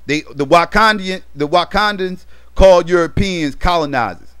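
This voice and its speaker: Smooth-voiced man rambling through a movie recap. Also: high voice, moderate pace, fairly bright tone, dry recording. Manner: loose, rambling retelling full of fillers and slang. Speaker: movie reviewer. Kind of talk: casual movie plot recap.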